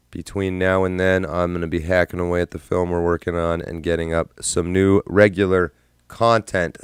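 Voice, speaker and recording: A man's voice: low voice, flat delivery, moderate pace, smooth, dry recording, clean studio sound. A man hosting a casual livestream, rambling, swearing freely and poking fun at himself. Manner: rambling, profane, self-deprecating. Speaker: livestream host.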